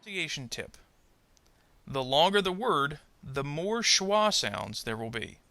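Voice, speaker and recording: A man narrating a pronunciation lesson, speaking carefully and modelling example words slowly. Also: fairly high pitch, lively intonation, bright, forceful tone, no echo. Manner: slow, careful, modelling word stress. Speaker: ESL pronunciation teacher. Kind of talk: scripted instructional narration.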